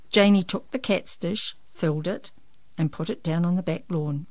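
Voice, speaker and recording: A woman reading a children's picture book aloud in an expressive, lively storytelling manner. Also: fairly low pitch, normal speed, no echo.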